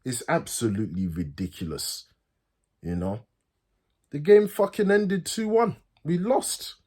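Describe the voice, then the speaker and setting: A man, a football fan host, ranting furiously, swearing and repeating himself, his voice swinging from high outbursts to low mutters. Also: a little slow, husky. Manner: pitch swings from loud highs to low mutters. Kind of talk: angry fan rant.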